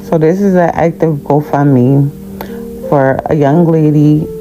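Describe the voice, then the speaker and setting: A mother talking in a casual vlog, measured and earnest, pausing often. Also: sits low, steady tone, warm tone, low-quality recording. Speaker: parent sharing a fundraiser. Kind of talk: casual informative vlog talk. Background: guitar music.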